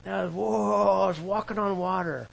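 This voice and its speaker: Guy acting out a fisherman apostle, kinda high voice, hushed and amazed retelling miracles. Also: quick pace, vocal fry, heavily acted, poor audio. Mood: awed. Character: impulsive fisherman apostle recalling miracles, man.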